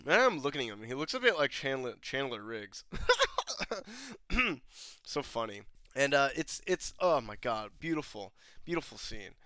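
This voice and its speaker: A man's voice: mid-range voice, big pitch swings, normal speed, sharp tone, clean tone, dry recording. A young man casually breaking down a TV episode, rambling, swearing freely and laughing often. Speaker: YouTube show reviewer.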